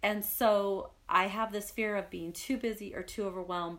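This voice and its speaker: A woman's voice: fairly low pitch, flat delivery, brisk, creaky, hardly any pauses, a bit bright. A young woman co-hosting a podcast, talking earnestly and reflectively about personal fears in a casual chat. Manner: earnest, reflective, speaks of spirit and purpose. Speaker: podcast co-host.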